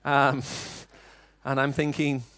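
A man's voice: medium pitch, fairly quick, no echo. Middle-aged male preacher, chatty storytelling delivery, dry recording. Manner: storytelling, conversational, frequent restarts. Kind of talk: sermon with personal stories.

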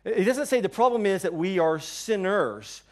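A pastor delivers a sermon in a conversational, emphatic way, slipping in quick asides to the congregation. His voice sits a touch higher than most men's. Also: animated, darkish tone.

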